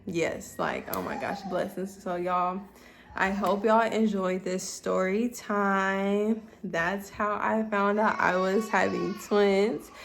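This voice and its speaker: A woman's voice: medium pitch, slow, creaky, noisy background. A young woman telling a casual storytime vlog to her viewers, chatty and often calling them y'all. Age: young adult. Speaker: vlogger.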